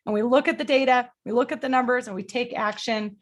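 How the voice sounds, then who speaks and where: A middle-aged woman leading a group coaching call, energetic and blunt, motivational, with casual swearing. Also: on the high side, fast talker. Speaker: sales coach.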